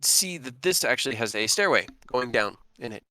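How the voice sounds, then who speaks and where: A man's voice: mid-range voice, lively intonation, normal speed, sharp tone, no echo. A man narrating as game master of a tabletop game, casual and loose, with many fillers and restarts.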